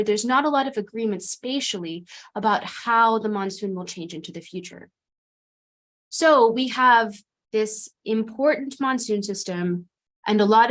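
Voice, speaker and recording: Woman giving an academic lecture. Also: medium pitch. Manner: measured, explanatory with frequent "um". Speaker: seminar speaker. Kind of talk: academic lecture over video call. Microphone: video call.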